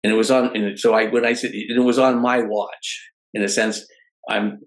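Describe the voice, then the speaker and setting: A man's voice: on the low side, normal speed, poor audio. A middle-aged man, a podcast guest, telling stories in casual conversation, often restarting his phrases. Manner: animated storyteller who restarts phrases often.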